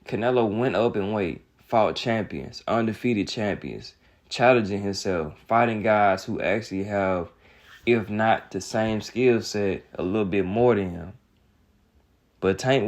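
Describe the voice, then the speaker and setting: A young man, ranting in casual commentary with a heated, mocking, repetitive manner. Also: on the low side. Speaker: boxing commentator.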